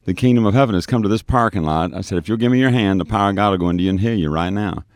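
On a radio program, a man who ministers on the streets shares his testimony at a very fast clip, acting out quoted dialogue and frequently starting over. His fairly low voice comes through in clean studio sound with no room tone.

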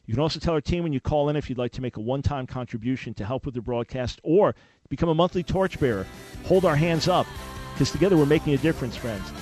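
A man's voice: a little high, fast, soft background music. Emphatic male radio talk host. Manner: emphatic, animated preaching delivery with sudden loud peaks. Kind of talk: call-in radio talk show monologue.

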